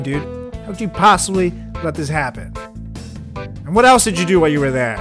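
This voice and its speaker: A podcast host scolds his guest in a mock interview, his voice leaping up into shrill, disgusted outbursts. He sounds exasperated throughout. Faint music plays under him. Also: expressive, measured pace, pauses often.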